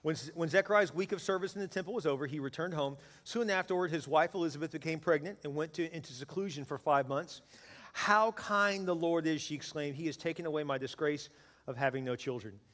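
A man preaching a sermon to a congregation, lively and joking, building to loud peaks. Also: fairly high pitch, fast. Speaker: pastor. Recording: long hall reverb.

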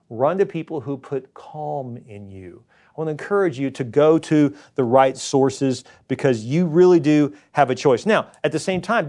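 A middle-aged man preaching a sermon as pastor, earnest and encouraging, now and then acting out worried voices. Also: darkish tone. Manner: earnest, acts out worried voices in a higher pitch.

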